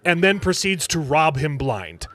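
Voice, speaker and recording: A man in a casual podcast discussion, emphatic and animated, often cutting in to make his point. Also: fairly high pitch, measured pace. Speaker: podcast guest. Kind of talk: casual chat.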